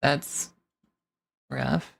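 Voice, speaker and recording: A woman's voice: very slow, very noisy. A woman streamer ranting casually to her chat, rambling and swearing with many restarts.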